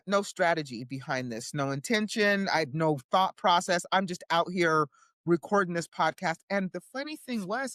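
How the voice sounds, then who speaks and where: A woman's voice: sits low, dry recording, clean studio sound. A woman who is an indie author and publisher, a guest telling her story in a casual interview and often tagging lines with "right?". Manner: animated, acts out quoted voices, frequent "right?".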